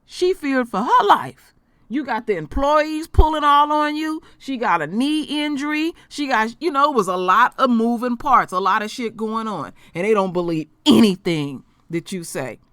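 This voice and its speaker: Woman vlogger, emphatic and profane, lively pitch, dry. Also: normal speed, no room sound. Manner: blunt, emphatic, swearing. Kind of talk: emotional commentary.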